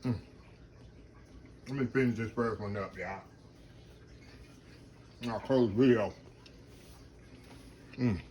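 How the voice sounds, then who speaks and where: A man's voice: fairly low pitch, takes it slowly, long pauses, darkish tone, dull audio, slight background noise. Chatty man eating on camera. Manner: chatty, talks with mouth full, murmurs "mm" while eating; Southern phrasing, says "y'all". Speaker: cooking channel host. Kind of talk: casual cooking vlog, eating on camera.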